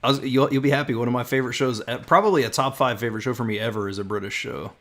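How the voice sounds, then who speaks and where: A man's voice: medium pitch, rapid-fire, a bit bright. Rambling American man saying "like" a lot. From United States. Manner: loose, rambling, peppered with "like". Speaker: host. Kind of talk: casual conversation on a live stream.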